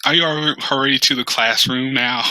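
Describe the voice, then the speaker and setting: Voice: mid-range voice, fairly even intonation, normal speed, pushed and bright, poor audio. A podcast co-host making dry joking asides in casual chat.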